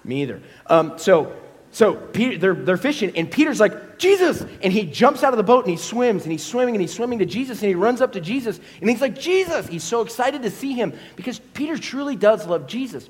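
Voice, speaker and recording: A man, a pastor preaching a storytelling sermon and acting out scenes in character voices. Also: high-pitched. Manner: animated, acts out scenes in voices. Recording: long hall reverb.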